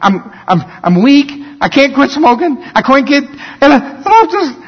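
A man voicing a self-doubting man who calls himself weak, talking in halting, stumbling restarts. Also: extremely high pitch, steady tone, pitched above the performer's own voice. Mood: self-pitying. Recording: dull, reverberant hall recording.

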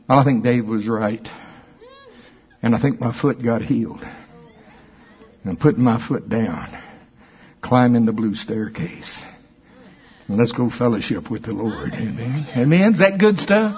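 Husky, excitable preacher man. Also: mid-range voice, lo-fi sound. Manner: excitable, laughs often, reads scripture slowly. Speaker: pastor. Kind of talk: sermon.

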